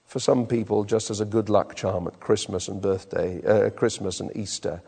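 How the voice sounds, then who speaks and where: A British man preaching a sermon with an animated, emphatic delivery in a church hall. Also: lowish voice, normal speed, creaky, slightly rough. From Britain. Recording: long reverb in a hall.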